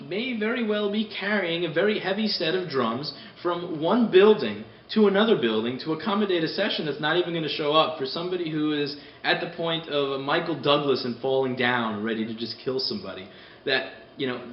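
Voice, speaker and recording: A man casually ranting on a vlog, animated, rambling and profane, heard from a distance. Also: a little high, a little hiss or hum. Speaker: repair shop owner vlogging. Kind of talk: casual spoken rant. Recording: distant mic in a roomy space, dull sound.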